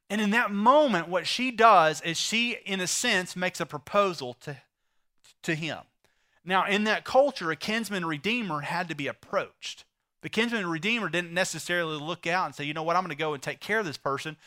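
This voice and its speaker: A man preaching a sermon, retelling a story with animated voices for the characters. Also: high voice, moderate pace. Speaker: pastor.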